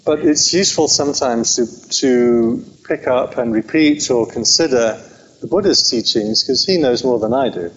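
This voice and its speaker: A man with an English accent gives an informal dharma talk to a group at a meditation centre. He speaks in a chatty, self-deprecating way, at an ordinary middle pitch. The recording sounds a little dull and lo-fi, with a faint hiss underneath. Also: normal speed. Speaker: Buddhist teacher.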